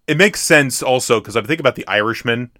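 A man co-hosting a podcast, chatting casually and relaxed about movies with quick asides. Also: medium pitch, no room sound, studio quality. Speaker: podcast co-host.

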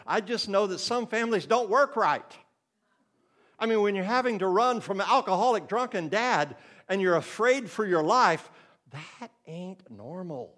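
A man's voice: high voice, expressive, moderate pace, a bit bright. Older man preaching an earnest sermon. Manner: earnest, conversational, acts out quoted voices.

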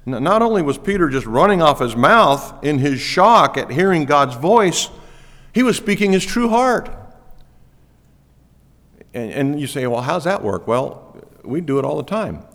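A man preaching a sermon as pastor, lively and animated, laughing now and then. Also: fairly high pitch, a little slow. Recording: long reverb of a church hall.

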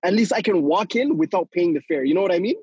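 Young man, high husky voice, animated storyteller who laughs often and acts out the quotes; dry, close sound. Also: fast, dry recording, dull audio. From Toronto, Canada. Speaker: guest storyteller. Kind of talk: casual podcast storytelling.

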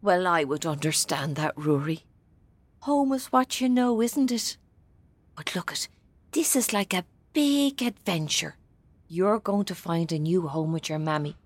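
A woman's voice: on the low side, dry recording. An actress in her seventies with an Irish accent playing a fierce, defiant grandmother in prison. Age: 70s. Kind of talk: film drama acting.

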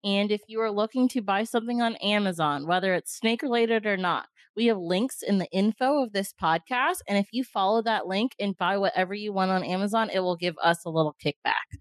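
A young woman co-hosting a casual podcast, quick and teasing toward her co-host, often laughing. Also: medium pitch, no echo.

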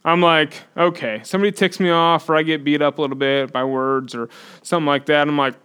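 A male pastor delivering a sermon in a relaxed, talky way with a slightly high voice. He rises to loud, emphatic peaks. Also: fairly quick, clear, resonant tone.

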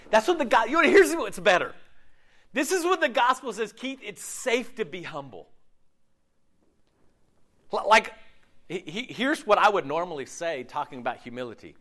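Male pastor, sermon, casual and jokey, high voice that swings widely. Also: moderate pace, pauses often. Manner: animated, casual and joking, slangy.

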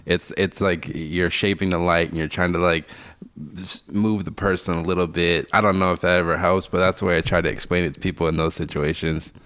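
A man with a very low voice hosts a podcast in a loose, friendly way. He trips over his words, repeats himself, and fills his sentences with "like". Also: fairly even intonation, a little fast, a bit bright. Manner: easygoing, repeats words, lots of "like". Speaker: podcast host. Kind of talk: casual interview chat.

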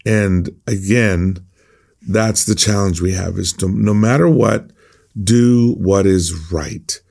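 A man's voice: low-pitched, slow, vocal fry. A man giving a conversational sermon, reading scripture and explaining it in an earnest, informal way with frequent restarts. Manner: warm, earnest, many restarts and asides. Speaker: preacher.

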